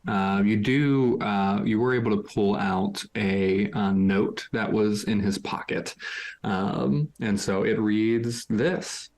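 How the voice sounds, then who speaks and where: A man's voice: on the low side, slow pace, darkish tone. A man narrating a tabletop game as game master, loose and full of fillers.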